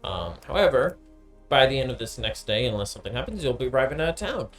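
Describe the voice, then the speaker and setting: A man's voice: mid-range voice, sing-song, fast talker, a bit bright, soft background music. A man narrating as game master of a tabletop game, casual and hesitant with many ums and uhs.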